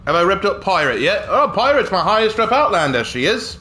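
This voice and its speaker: A male gaming streamer with a high, sing-song, bright, forceful voice talks fairly quickly over his gameplay. He puts on an exaggerated fake British accent, chuckles often, and tacks jokey slang tags onto his lines in a playful, casual commentary.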